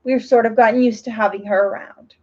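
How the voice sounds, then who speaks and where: A woman voicing a gruff, tender-hearted old woman in a storybook reading, speaking in a plain, folksy way. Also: a little high, steady tone, brisk, a little mellow, dull audio, lightly acted.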